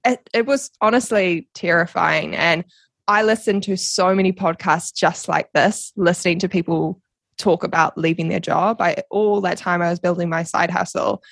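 A young woman with a New Zealand accent, a podcast guest telling her story in a casual, animated way with frequent laughs. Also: fairly low pitch, moderate pace, gravelly, dry recording. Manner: animated, laughs often, acts out quoted voices.

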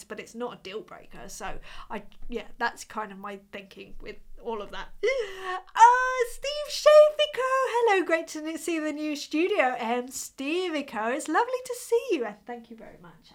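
A woman's voice: fairly high pitch, sharp tone. A woman, hosting a casual livestream and chatting as she reads out viewer comments. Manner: chatty, apologetic and rambling, with frequent restarts and laughs. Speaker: livestream host reading chat. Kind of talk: casual chat.

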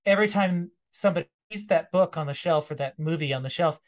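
A man being interviewed as a guest, talking reflectively in a relaxed, storytelling way and laughing now and then. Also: fairly high pitch, fast talker. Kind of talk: casual interview conversation.

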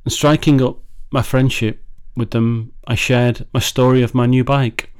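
A man's voice: mid-range voice, level tone, a little slow, darkish tone, clear, resonant tone. A man hosting a podcast, telling a personal story in a reflective way with hesitant restarts. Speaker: podcast host.

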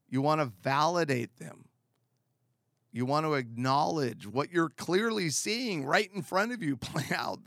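Slow, gravelly man giving marriage advice. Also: on the high side, dry recording, studio quality. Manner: calm, earnest and direct, with repeated emphatic phrases. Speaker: marriage counselor. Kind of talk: advice talk to camera.

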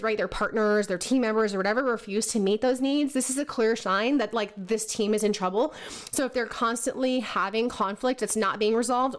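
Woman, coach type, fairly high voice, loose chatty delivery, hiccups. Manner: conversational, many fillers and "right?" tags. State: has the hiccups. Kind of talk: casual talk to camera.

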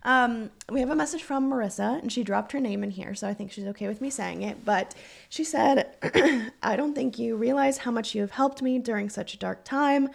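Young woman, podcast host, casual solo talk, earnest, encouraging, fry in the voice, cracking. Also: a little high, normal speed. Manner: earnest, chatty, encouraging, with frequent fillers. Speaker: podcast host and business coach.

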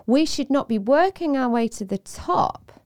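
Woman, casual faith discussion, earnest, laughs often, smooth and clear, dry close sound. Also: high-pitched, animated, normal speed, a little mellow, no echo. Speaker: podcast co-host.

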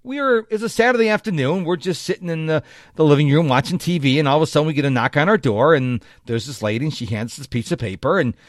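A podcast host delivers a solo motivational monologue, speaking directly to his listeners in a chatty manner and correcting himself as he goes. His voice is fairly high-pitched and quick, recorded dry with studio quality.

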